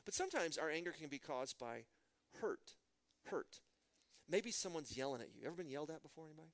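Brief: middle-aged man, pastor's sermon, quick delivery, slightly higher voice, storytelling with rhetorical questions. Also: very animated. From Midland, Texas.

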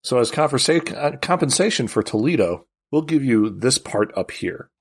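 Stammering man, lively pitch. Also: moderate pace, slightly rough. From Michigan, USA. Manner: rambling, stammering explainer. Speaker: podcast co-host. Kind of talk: casual chat.

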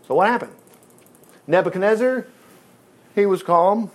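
Animated preacher, high lively voice. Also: male voice, a little fast. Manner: folksy, animated storytelling, jokes. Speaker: pastor. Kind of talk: sermon.

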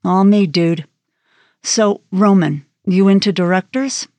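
A woman's voice: mid-range voice, slow, darkish tone, dry recording. A woman voicing a tough, blunt female FBI agent with a sardonic edge, in an audiobook. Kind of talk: audiobook character voice.

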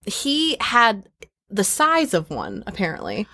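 A young adult woman hosting a casual chat and reading out listener stories, talking in a lively, blunt and crude way. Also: mid-range voice, takes it slowly.

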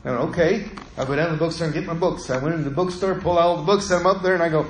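A man's voice: on the high side, steady tone, racing, roomy sound, a little hiss or hum, poor audio. A middle-aged man preaching a sermon, telling a personal story in a conversational way and acting out the voices of the people in it.

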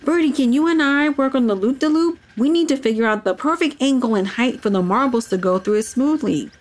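A woman doing an excitable young kid friend. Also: sits high, brisk, voice pushed up. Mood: excited. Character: eager young friend of the hero.

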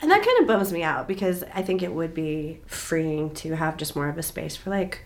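A woman in her thirties talking in a relaxed, expressive way, telling stories with laughter. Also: sits low, moderate pace. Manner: animated, expressive storytelling with laughs. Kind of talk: casual chat.

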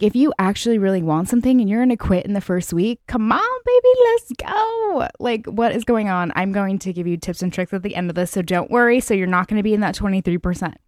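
Late-twenties woman hosting a motivational podcast; slightly low voice, dry sound, girlfriend-chat tone with swearing. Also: a little mellow, no echo. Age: late 20s. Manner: chatty, swears freely, bursts of hype. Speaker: podcast host.

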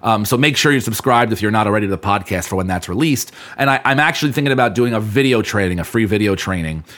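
A man's voice: fairly low pitch, expressive, fast talker, fairly bright tone. A man hosting a podcast, talking earnestly to the listener in a coaching manner about keeping commitments. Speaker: podcast host. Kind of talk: motivational podcast talk.

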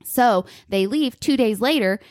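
A woman co-hosting a podcast, telling a story in casual chat and acting out the people she quotes, her pitch jumping high when she gets upset. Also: animated, unhurried, no echo, studio quality. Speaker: podcast co-host.

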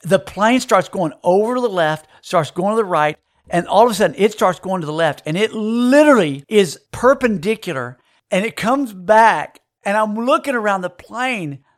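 Man, pastor, folksy sermon story, somewhat high voice. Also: normal speed. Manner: folksy storytelling, animated retelling.

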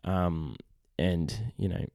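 A young man with a low, mellow voice chats casually on his podcast, rambling and poking fun at himself. The sound is dry and close, with no room echo behind him. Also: extremely slow, gravelly. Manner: rambling, self-deprecating, lots of "you know". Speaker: podcast host. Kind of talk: casual chat.

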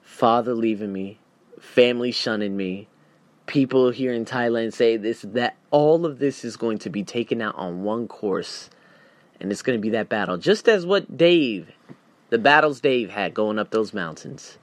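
Animated man hosting a solo podcast. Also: mid-range voice, measured pace, no room sound. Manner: animated and emphatic, swinging from loud bursts to quiet reflection. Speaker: podcast host. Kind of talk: reflective solo podcast monologue.

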